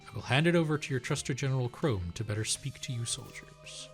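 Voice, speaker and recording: A man's voice: mid-range voice, expressive, a little fast, over music, natural voice. A man voicing a formal male official who makes a stiff announcement, reading game dialogue aloud.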